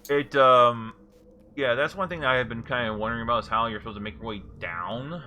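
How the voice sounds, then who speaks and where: A man's voice: mid-range voice, a little fast, pushed and bright, slight background noise. A man acting as game master, reading out scene descriptions and correcting himself as he goes. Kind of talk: narrating a tabletop game.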